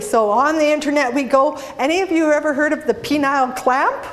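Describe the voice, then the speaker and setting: A woman from Canada gives a humorous inspirational talk with a somewhat high voice. She tells stories with animated delivery and often asks the audience questions. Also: moderate pace, hardly any pauses. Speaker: inspirational speaker. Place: speaking to a live audience.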